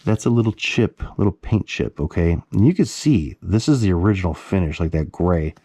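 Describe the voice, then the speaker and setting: Animated man telling a story. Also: low voice, moderate pace, husky. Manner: animated, excitable, swears casually. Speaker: collector showing his masks. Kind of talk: casual storytelling to camera.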